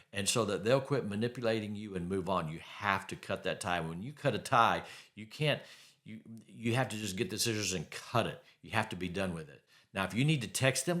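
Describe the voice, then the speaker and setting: A middle-aged man with a lowish voice talks straight to his podcast listeners about their personal lives. He is blunt and emphatic and drives each point home by repeating it. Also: fairly bright tone. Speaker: podcast host. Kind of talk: faith-based advice podcast monologue.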